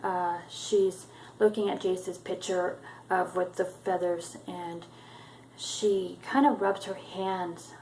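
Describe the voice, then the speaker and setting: A woman's voice: fairly low pitch, level tone, takes it slowly, creaky, a little mellow, slight background noise, rough recording. A woman casually retelling a book chapter for her viewers, hesitant and full of ums and uhs. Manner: hesitant, many ums and uhs, loosely strung sentences. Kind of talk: casual spoken book recap.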